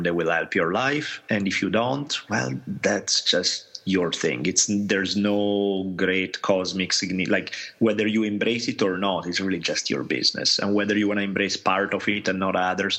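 A man with a very low voice and an Italian accent talks about ideas in a relaxed, conversational way. His tone is bright and forward despite the depth. He is a podcast guest, casual and unhurried. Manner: relaxed and conversational, says "I dig" often. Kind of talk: casual interview talk.

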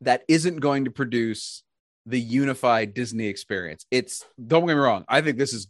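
An American podcast host in casual chat, animated, laughing often and restarting sentences. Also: mid-range voice, moderate pace, dry recording, clean studio sound. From United States.

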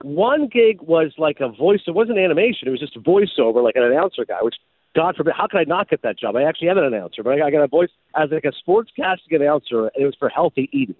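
Animated man with a tinny, phone-like sound. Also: fairly high pitch, fast, no room sound. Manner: animated storyteller, slips into announcer voice. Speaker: podcast host and former sportscaster. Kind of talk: casual chat.

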